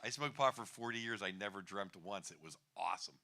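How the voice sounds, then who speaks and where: A man's voice: fairly low pitch, a little fast, crowd noise. A man in his fifties doing a stand-up comedy set on a bar stage, wry and rambling, chuckling at his own jokes.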